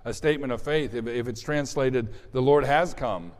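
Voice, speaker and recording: Older pastor preaching in a reverberant hall. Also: male voice, medium pitch, moderate pace, noisy background. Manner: conversational, repeats words, chuckles. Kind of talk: sermon. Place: church sanctuary.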